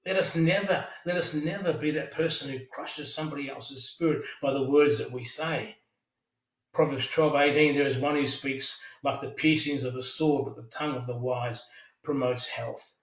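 A man's voice: mid-range voice, fairly even intonation, normal speed. A middle-aged man preaching a sermon, earnest, often repeating words as he restarts. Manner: earnest, frequent stammered restarts. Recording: echoey room, mic at a distance.

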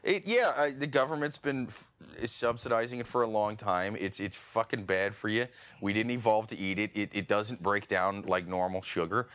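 Profane ranting man in casual chat. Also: moderate pace. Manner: profane, ranting, animated swings in pitch.

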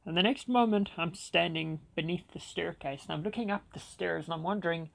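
A man's voice: on the high side, brisk, gravelly, few pauses. A man telling a personal story with dramatic flair, acting out the dialogue as he goes. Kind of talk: personal anecdote told dramatically.

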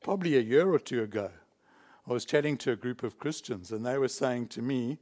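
A man's voice: mid-range voice, fairly quick, a little mellow. A man from South Africa preaching a sermon in a church, emphatic and chuckling between points. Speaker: pastor.

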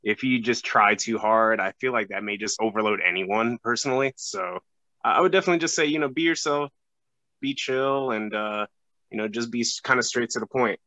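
A young man chatting on a podcast as a guest, halting and full of fillers and restarts. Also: medium pitch, bright, forceful tone, no echo, low-quality recording. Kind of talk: casual podcast chat.

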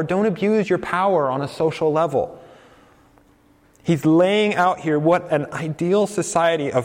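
A man preaching in a relaxed, conversational way, his slightly higher voice ringing with a long reverb. He gets animated as he makes his points and acts out what people say. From United States. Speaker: pastor. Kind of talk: sermon.

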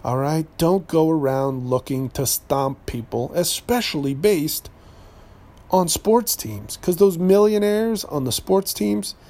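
A man from New Hampshire hosting a podcast, ranting in a sarcastic, animated way, often stumbling and correcting himself as he goes. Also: fairly high pitch, slow. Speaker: podcast host and voice actor.

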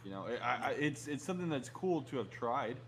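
Laid-back man with low mumbled asides. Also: animated, brisk, slight background noise. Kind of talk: casual chat, beer tasting.

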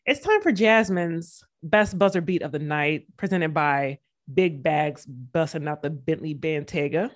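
A woman's voice: sits low, expressive, a little slow, faint music behind. Chatty joking woman podcaster. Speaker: podcast co-host. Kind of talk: casual sports podcast chat.

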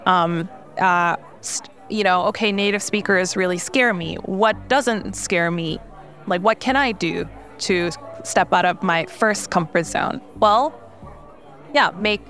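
A young woman whose first language is Korean speaks with a light Korean accent in a relaxed interview. She talks freely, leans on fillers and laughs between thoughts. Faint music plays under her voice. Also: medium pitch. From South Korea. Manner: chatty, many fillers, laughs often. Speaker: startup founder, interview guest. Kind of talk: casual interview talk.

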